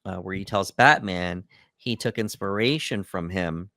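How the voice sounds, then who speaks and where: A man with a low, smooth, resonant voice co-hosts a casual podcast. He walks through the plot steadily and fills pauses with ums and uhs. The recording is close and dry. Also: dry recording. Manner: steady recapping with frequent fillers. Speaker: podcast co-host. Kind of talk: casual movie breakdown chat.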